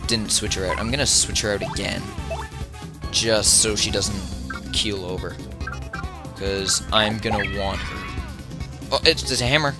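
A man giving casual, rambling, jokey gameplay commentary from home, breaking into loud excited yelps. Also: lowish voice, a little slow, long pauses. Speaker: let's player. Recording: video game music playing behind.

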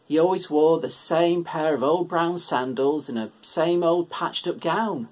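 A man leading children's worship, reading a picture book aloud in a relaxed, gentle, self-deprecating way. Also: on the high side, measured pace.

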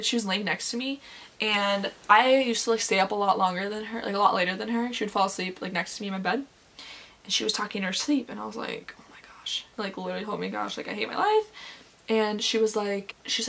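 A woman's voice: mid-range voice, a bit bright. Chatty young woman telling a ghost story. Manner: chatty, swears often, says "like" a lot. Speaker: vlogger. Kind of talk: casual storytelling to camera.

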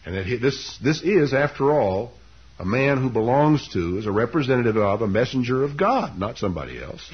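A man preaching a sermon, telling a scripture story with lively, dramatic delivery. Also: brisk, breathy edge, muffled recording. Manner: animated storytelling, leaps up in pitch for quoted lines.

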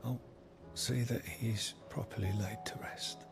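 A gravelly, slow-spoken hero. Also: male voice, mid-range voice, fairly even intonation. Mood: solemn. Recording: game audio with faint music.

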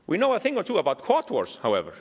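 A man with an Icelandic accent giving a keynote speech, telling a story with animated humor. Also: sits high, racing, breathy edge. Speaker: keynote speaker. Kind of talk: speech to a summit audience. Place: large hall. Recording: long hall reverb.

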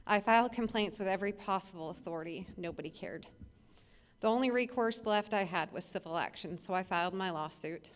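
A woman's voice: mid-range voice, clear, resonant tone. A woman reading her own personal essay aloud, earnest and emotional, with a few small restarts.

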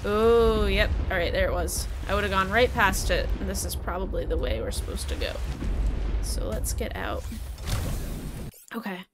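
A young adult woman from New England, her mid-range voice expressive and at normal speed, chats casually while streaming a game live. She talks to her chat and laughs often, with music playing in the background.

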